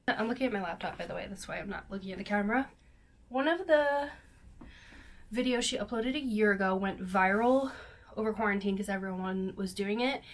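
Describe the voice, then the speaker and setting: A young woman chatting casually to her camera in her bedroom, bubbly and self-deprecating. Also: medium pitch. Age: young adult. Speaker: vlogger. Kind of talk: casual vlog chat. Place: bedroom at home.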